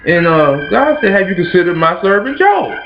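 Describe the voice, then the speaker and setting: High-pitched, very animated and creaky, a Kentucky-accented man from Kentucky hosts at normal speed, preaching motivation in a rhythmic, repetitive cadence. Background noise and music accompany the dull lo-fi recording.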